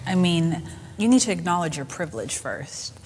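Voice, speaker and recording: A woman's voice: fairly low pitch, sing-song, normal speed, a little mellow, long reverb tail, a little hiss or hum. A woman earnestly explaining her views in a debate. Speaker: feminist speaker in discussion.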